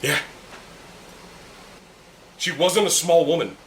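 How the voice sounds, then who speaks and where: A young podcast host with a voice on the high side takes it slowly as he rants heatedly and swears constantly, drinking beer with friends in a casual room chat. Echo and faint ambient noise fill the recording.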